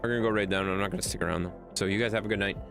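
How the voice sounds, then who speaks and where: A man's voice: lowish voice, steady tone, rapid-fire, vocal fry, fairly bright tone, faint music behind. A man streaming a game late at night, chatting loosely with viewers and his dog and swearing freely. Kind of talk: casual livestream gameplay commentary.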